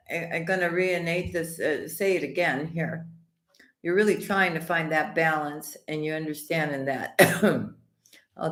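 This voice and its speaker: A woman tarot reader chats through a live stream in a lowish voice with a slight hoarse edge. She greets viewers one by one and calls them sweetheart and honey. The sound bounces around an echoey room. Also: fairly bright tone. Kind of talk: casual live-stream chat and tarot reading.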